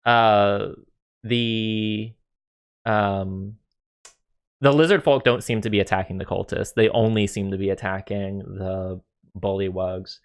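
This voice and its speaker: A man narrating as dungeon master in a loose, casual way, with many fillers and some swearing. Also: sits low. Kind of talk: narrating a tabletop game.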